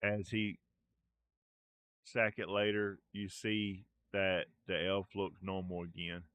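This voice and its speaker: A man's voice: sits low, level tone, slow, fairly bright tone, no echo. A man narrating a tabletop role-play game as game master, in a loose conversational way with fillers.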